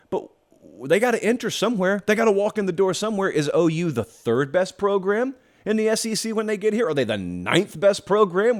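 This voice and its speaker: A man hosting a college football show, giving emphatic solo commentary in a conversational way, full of rhetorical questions. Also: high voice.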